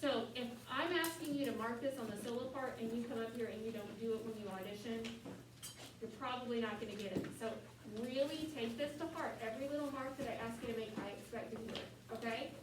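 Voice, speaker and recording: A woman leads a choir class with a fairly high voice, walking students through their music and chanting lyrics slowly. She sounds far from the mic in an echoey classroom with steady background noise. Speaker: choir teacher.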